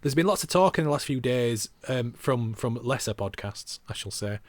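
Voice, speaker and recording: A man's voice: medium pitch, lively intonation, moderate pace, dry recording. A man co-hosting a football podcast, chatting casually and rambling with self-mocking asides. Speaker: podcast co-host.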